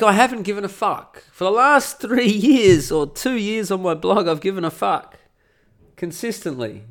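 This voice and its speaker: A man's voice: high voice, vocal fry, fairly bright tone. A man hosting a casual solo podcast from home, talking in a rambling, profane and self-mocking way. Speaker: podcast host and blogger. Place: at home during renovation.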